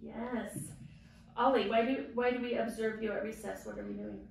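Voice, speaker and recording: A woman kindergarten teacher leads a vocabulary lesson with a bright, high voice. She asks slow, patient questions and has the children repeat after her. She is recorded from a distance in a very echoey classroom with faint background noise. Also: steady tone, vocal fry. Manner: slow, patient questioning with call-and-response prompts.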